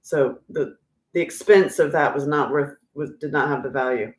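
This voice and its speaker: Woman, 50s, livestream host; low voice, rambling and chatty, echoey room. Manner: rambling, chatty, quick to laugh. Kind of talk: casual livestream chat.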